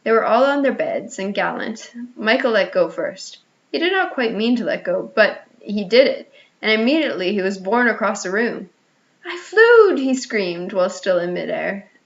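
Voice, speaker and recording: A woman narrating a children's storybook in an expressive reading voice, with small restarts. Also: medium pitch, normal speed. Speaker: audiobook reader. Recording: slightly muffled lo-fi audio.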